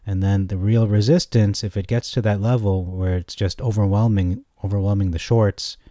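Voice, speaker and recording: A man giving a casual, rambling stock chart analysis, often correcting himself and getting excited. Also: fairly low pitch, moderate pace, dry recording, studio quality. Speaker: stock market commentator.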